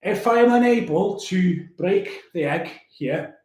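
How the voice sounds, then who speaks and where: A man's voice: high-pitched, lively intonation, takes it slowly, a little mellow, reverberant. A man, a youth worker chatting casually and cheerfully on a livestream, laughing often. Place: room at home.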